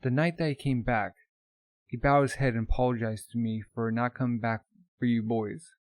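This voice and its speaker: A man voicing a gruff, matter-of-fact old grandmother mechanic. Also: medium pitch, fairly even intonation, normal speed, no echo, lightly acted.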